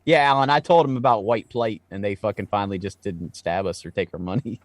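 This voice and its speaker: A man co-hosting a casual podcast, telling stories with loose swearing and rising excitement. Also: fairly low pitch, fast. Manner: storytelling, swears freely, animated when excited. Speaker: podcast co-host.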